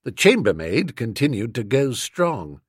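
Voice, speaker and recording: Expressive male audiobook narrator. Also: mid-range voice, measured pace, slightly rough, dry recording, clean studio sound. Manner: expressive, comic storytelling. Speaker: audiobook reader. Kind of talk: scripted first-person narration.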